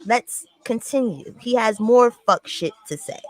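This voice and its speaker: A woman's voice: on the high side, expressive, unhurried, rough recording. A woman hosting a reaction commentary, talking in a blunt, profane, mocking way. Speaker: commentary host.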